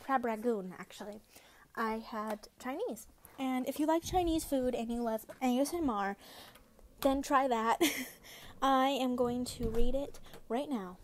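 A woman reads a fan fiction story aloud in a casual, unhurried way. Her voice sits a little high, and she giggles and restarts when she trips over words. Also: slight background noise. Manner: giggly, stumbling over words while reading.

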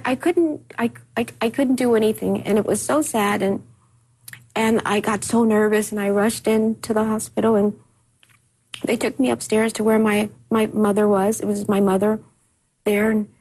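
Woman guest, TV interview, higher breathy voice, stops and restarts a lot. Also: a little mellow, rough recording. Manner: halting, repeats words and restarts often. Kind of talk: emotional personal recollection in a TV interview.

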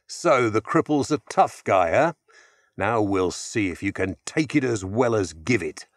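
A cruel, sneering teenage schoolboy bully, put on by a male audiobook narrator. His taunts rise and fall in an animated sing-song, recorded dry and close. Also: on the low side, a little slow, no room sound.

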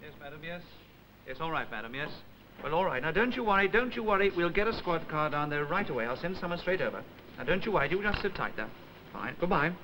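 Officious sergeant, swooping high pitch, indignant, 1960s TV comedy. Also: male voice, big pitch swings, quick pace, bright, forceful tone, slight background noise, rough recording. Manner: stiff and officious, rising to indignant outbursts. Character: pompous, exasperated male police sergeant.

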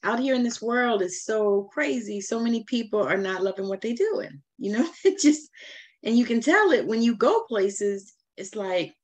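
Woman, Southern US accent, interview host, chatty and affirming, lively pitch, slightly high voice. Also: normal speed. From Savannah, Georgia, US. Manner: chatty, laughs often, affirming. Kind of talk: casual interview chat.

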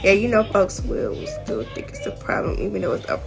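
A woman's voice: medium pitch, wildly swooping pitch, brisk, vocal fry. A teenage girl chatting candidly to viewers in a casual vlog, using slang like y'all and finna. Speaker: vlogger. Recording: music playing behind the voice.

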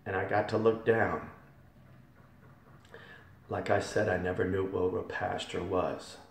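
Gravelly man giving a church testimony. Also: low-pitched, flat delivery, measured pace. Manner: fervent, repetitive, swells loud on key phrases. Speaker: testimony speaker. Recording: echoey hall from far off.

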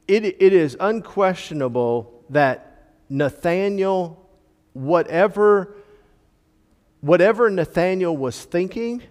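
A man teaching a church Bible class, explaining the text and stressing key words, with frequent fillers. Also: on the high side. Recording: long reverb of a hall.

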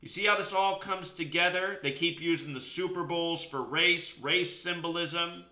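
Man lecturing hard on his channel, super bright forceful voice, slightly high, echoey room. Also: fairly even intonation, moderate pace. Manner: emphatic, lecturing, presses points hard. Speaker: host. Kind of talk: solo commentary video.

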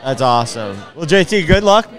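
A high male voice, upbeat and encouraging as he co-hosts a casual interview. A faint crowd murmurs behind him. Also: big pitch swings, fairly quick, fairly bright tone. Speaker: co-host interviewer.

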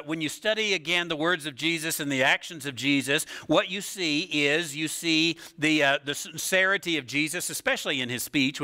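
A man preaching a sermon in a lively, animated way, asking rhetorical questions, laughing now and then, and often pausing with fillers and restarts. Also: fairly high pitch. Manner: frequent filler words and restarts. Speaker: pastor.

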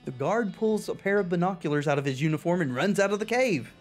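A man's voice: sits high, lively intonation, fast talker, faint music behind. A man hosting a video game playthrough, reading the game's text aloud and adding dry wisecracks. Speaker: let's play host. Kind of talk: game commentary.

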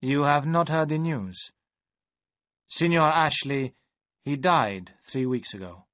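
A man voicing a polite, worried male servant at a villa, speaking formally with careful, halting phrasing. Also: a little high, expressive, fairly bright tone, no room sound. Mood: grave. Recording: dry, slightly dull audio.

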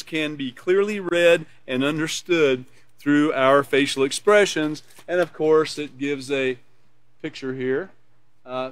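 A man's voice: on the high side, dry recording. A man teaching a live online character education class, reading from a course manual and explaining it in an earnest, explanatory way. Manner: earnest, explanatory, laughs and smiles while teaching.

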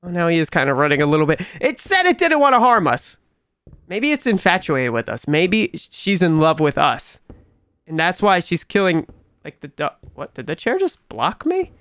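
Jumpy young gamer reacting to horror. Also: male voice, fairly high pitch, sing-song, normal speed, fairly bright tone, clear, resonant tone, no room sound, studio quality. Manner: jumpy and incredulous, talks back to the game. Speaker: gaming YouTuber. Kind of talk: horror game let's play commentary.

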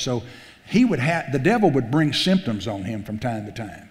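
A man's voice: mid-range voice, animated, normal speed. A man preaching a sermon as pastor, telling stories in a folksy way and building to fervent exclamations. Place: church sanctuary. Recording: long church-hall reverb.

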